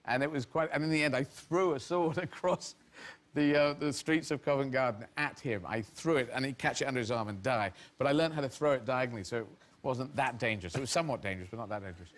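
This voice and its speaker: A man's voice: mid-range voice, fast talker. A middle-aged man from England, a comedian guest on a talk show, telling rambling stories that he often breaks off and laughs through. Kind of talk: anecdotal talk show storytelling.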